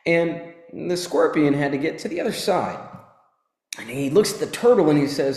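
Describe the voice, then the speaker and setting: A man giving a casual, animated motivational talk to an audience, swearing and joking as he tells a fable. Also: fairly high pitch, moderate pace. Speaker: motivational teacher. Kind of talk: live motivational talk with storytelling. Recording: echoey hall.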